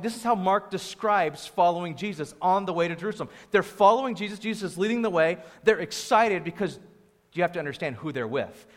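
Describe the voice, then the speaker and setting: A young adult man preaching a conversational, storytelling sermon in a lively, informal way, with a sore throat. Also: high voice. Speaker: pastor. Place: church venue. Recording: long hall reverb.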